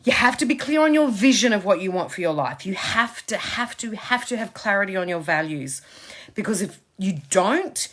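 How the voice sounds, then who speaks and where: Woman, motivational coach, lively sing-song delivery, repeats for emphasis, webcam at home. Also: mid-range voice, moderate pace. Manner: emphatic and chatty, repeats phrases for stress. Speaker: success coach. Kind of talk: motivational Facebook Live talk.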